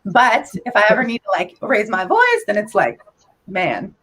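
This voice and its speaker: A woman chatting as a guest on a video call, playful, with a stream of "like" and quick asides. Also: fairly high pitch, huge pitch swings, fairly bright tone, slightly rough, rough recording. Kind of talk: casual chat.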